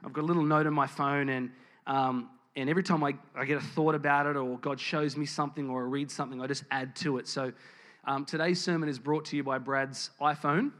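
A man's voice: mid-range voice, steady tone, brisk, a bit bright. A man preaching a sermon in church, candid and storytelling, with frequent ums and restarts. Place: church building with congregation.

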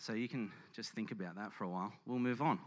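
A man's voice: on the low side, quick pace. A man preaching a casual, joking sermon to a live audience, asking them questions and telling stories. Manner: chatty, joking, addresses the audience. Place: hall with audience.

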